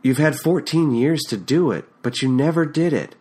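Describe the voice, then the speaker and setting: A man's voice: fairly high pitch, moderate pace, slightly rough, voice pushed up. Man voicing a bitter, scornful woman. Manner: sharp-tongued, mocking, erupts into shouting. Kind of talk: audiobook character reading. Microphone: USB condenser mic.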